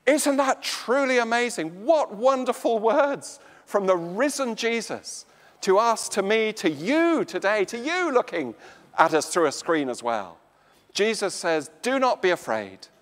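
Slow, animated English preacher in a church. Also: male voice, in a large hall. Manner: slow, emphatic preaching with dramatic swings of pitch and volume. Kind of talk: sermon.

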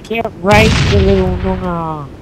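A man's voice: sits high, a little slow, noisy background. A man trash-talking and hurling insults over online game voice chat. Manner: insulting, hurls taunts. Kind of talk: crude voice chat trash talk.

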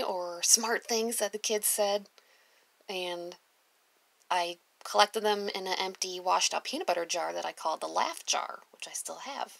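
A woman and former preschool teacher chats casually while reading from her old notes. Her voice has a gravelly, fried texture at a middling pitch. She gushes and often drops into soft whispered asides. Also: no echo, rough recording.

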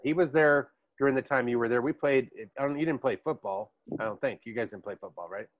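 A man's voice: mid-range voice, fast talker, no room sound. A man hosting a podcast in casual chat, rambling through stories and laughing often. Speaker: podcast host. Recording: dull dry lo-fi recording.

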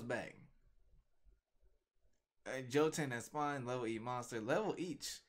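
A man casually reacting to a webcomic, reading panels aloud with slangy, animated commentary from a home desk mic. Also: medium pitch, unhurried, long pauses. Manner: animated, slangy, reads comic lines aloud. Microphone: desktop USB microphone.

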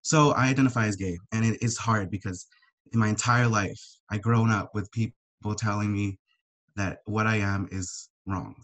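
A man's voice: fairly low pitch, fairly even intonation, moderate pace. A young man speaking heartfelt and emotional about his own life, swearing now and then as he gets upset. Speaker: panelist. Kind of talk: emotional personal sharing.

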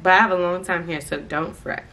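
A woman's voice: lowish voice, fairly even intonation, brisk, bright, forceful tone. A young woman from Pennsylvania chatting playfully to her viewers in a casual vlog. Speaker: vlogger. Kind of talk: casual vlog chat to camera.

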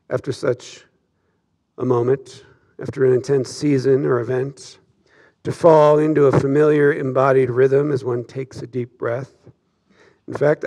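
Gravelly-voiced pastor preaching slowly. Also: male voice, medium pitch, a little mellow. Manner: reflective, measured preaching with slow emphatic pauses. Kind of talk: sermon. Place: church sanctuary.

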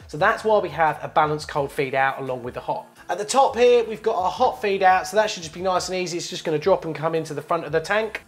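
A man with a British accent, a plumber talking through a hands-on job indoors in a chatty, joking way. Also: a little high. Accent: British English. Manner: chatty, jokey, explaining step by step. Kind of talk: hands-on trade tutorial. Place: indoors at a job site by a hot water cylinder.

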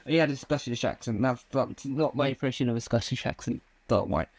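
A man doing a stand-up comedy routine, rambling and halting with many fillers and restarts. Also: mid-range voice.

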